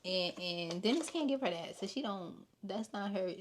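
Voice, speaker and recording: A young woman hosting a podcast, giving blunt, animated gossip commentary and repeating her points for emphasis. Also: medium pitch, moderate pace. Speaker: podcast host.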